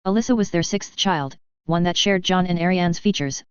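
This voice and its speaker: A woman reading a fan fiction story aloud in an even, measured way. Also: lowish voice, clean tone, dry recording. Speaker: narrator. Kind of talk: scripted fan fiction narration. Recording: dry, slightly dull recording.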